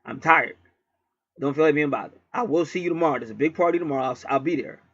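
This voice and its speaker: A man's voice: a little high, fast, fairly bright tone, husky, no room sound, highs cut off. A man at home telling a rambling story in a casual monologue, swearing freely and repeating himself. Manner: profane, rambling, repetitive. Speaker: channel host.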